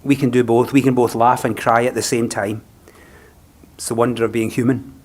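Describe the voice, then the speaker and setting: Scottish guy leading a funeral, calm and reflective, mid-pitched voice. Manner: gentle, reflective, unhurried phrasing. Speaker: funeral celebrant. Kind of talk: funeral eulogy.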